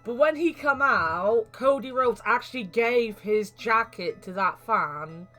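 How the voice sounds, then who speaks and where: A woman chatting casually while streaming a game, telling rambling, animated stories over faint game music. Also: a little high, takes it slowly.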